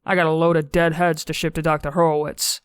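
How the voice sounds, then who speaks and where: A man's voice: a little high, flat delivery, quick pace, clean tone, dry recording, studio quality, natural voice. A woman voicing a crude, leering male office clerk with a brash, jeering manner in an audiobook.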